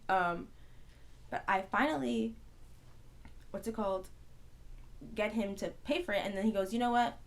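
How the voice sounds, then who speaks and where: A young adult woman co-hosting a podcast, telling a long story in casual chat, rambling and animated with constant "like" fillers. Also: mid-range voice, moderate pace, pauses often. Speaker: podcast co-host.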